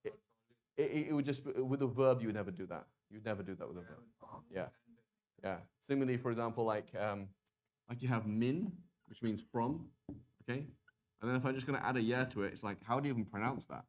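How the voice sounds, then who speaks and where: A man teaching a language class in a relaxed, chatty way, often stopping to sound out words slowly and restarting sentences. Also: mid-range voice. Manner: casual, conversational, with many fillers and restarts. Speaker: Arabic teacher. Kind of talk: classroom lesson.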